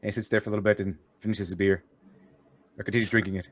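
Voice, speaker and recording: A man's voice: fairly low pitch, very fast. A man playing a tabletop game, chatting casually and chuckling. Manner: chuckling, animated. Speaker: player.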